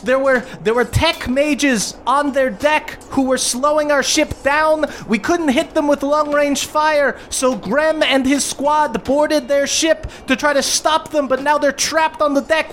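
A man voicing an older female goblin rebel leader who urgently shouts commands under fire. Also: very high-pitched, fairly even intonation, measured pace, hardly any pauses, slight background noise, voice pushed up.

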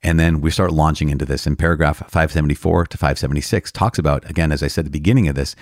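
In a clean, dry studio recording, a male priest with a rumbling low voice explains a catechism passage. His teaching is earnest and conversational, and he leans on key words, repeats himself often and laughs now and then.

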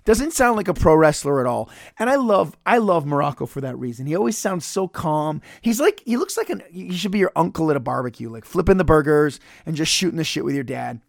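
A man's voice: fairly high pitch, very animated, a little fast, gravelly, few pauses, no room sound, clean studio sound. A man reviewing a wrestling match in casual solo podcast commentary, profane, sarcastic and rambling.

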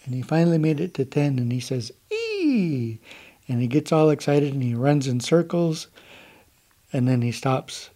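A calm, laid-back young man from the United States, telling a traditional story to a gathering. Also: mid-range voice, normal speed.

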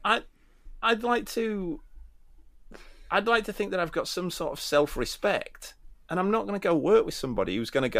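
A man who coaches tennis, co-hosting a casual podcast and talking in an animated way with frequent restarts. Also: high-pitched, moderate pace, no echo, studio quality. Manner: animated, restarts often, acts out quotes.

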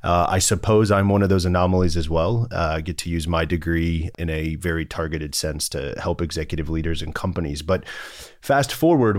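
A man's voice: sits low, no echo, studio quality. A man, a partner at an executive search firm, speaking in a conversational interview with an earnest, polished business manner.

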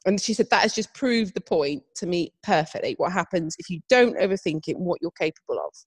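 Brief: woman, young, podcast co-host, animated storyteller, husky edge. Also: lowish voice, a little fast, no echo. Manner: animated storytelling, acts out quotes. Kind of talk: casual chat.

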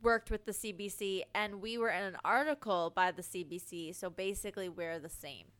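A woman co-hosting a podcast, chiming in with quick jokes and reactions in casual chat. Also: medium pitch, fairly even intonation, fairly bright tone, clean tone. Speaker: podcast co-host.

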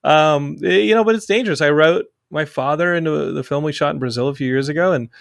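Gravelly-voiced male podcast host, animated storyteller, dry recording. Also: fairly high pitch, fast, no echo. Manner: animated storyteller, acts out quotes. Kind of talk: casual chat.

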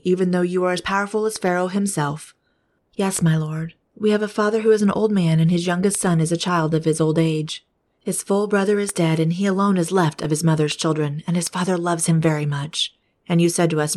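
A woman's voice: fairly low pitch, fairly even intonation, a little fast, a little mellow, close to an everyday voice. A woman reading as Judah, a pleading grown man. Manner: earnest, pleading read-aloud delivery.

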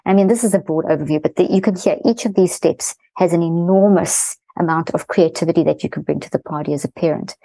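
A middle-aged woman, a guest expert in an interview, explaining a parenting method in fast-flowing, animated talk. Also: fairly low pitch, creaky, dry recording, low-quality recording.

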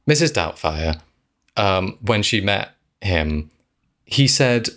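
A man co-hosting a casual film-review podcast, talking in animated, exasperated rants and swearing freely. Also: low voice, slow. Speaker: podcast co-host.

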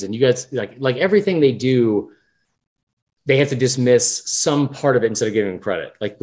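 A man co-hosting a sports podcast, talking in a rambling, animated, profane way. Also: mid-range voice, normal speed. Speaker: podcast co-host. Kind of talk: casual sports chat.

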